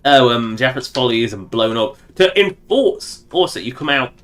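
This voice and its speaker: A man's voice: medium pitch, expressive, moderate pace, a bit bright. A man streaming a video game, rambling and joking to himself in casual commentary.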